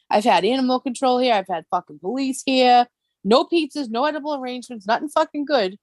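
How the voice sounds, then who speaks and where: A woman's voice: sits high, fast talker, dry recording. A woman hosting a casual livestream chat, talking bluntly and swearing constantly as she rants. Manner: blunt, heavy swearing, animated ranting. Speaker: live stream host.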